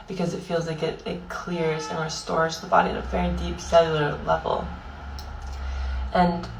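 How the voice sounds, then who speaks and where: A tearful young woman speaks in a slow, halting way, her voice sitting a little low as she works through grief with frequent swearing. She sounds set back from the mic in an echoing room, with faint ambient noise behind her. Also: vocal fry, recorded from a distance. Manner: halting and raw, heavy swearing, many fillers. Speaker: vlogger. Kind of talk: emotional personal monologue.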